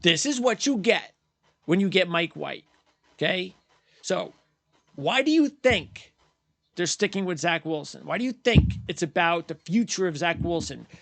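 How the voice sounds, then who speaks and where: A man's voice: high voice, a bit bright, no echo. A man hosting post-game sports commentary, ranting bluntly and heatedly, repeating his points and mocking fans in quoted voices. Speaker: sports channel host.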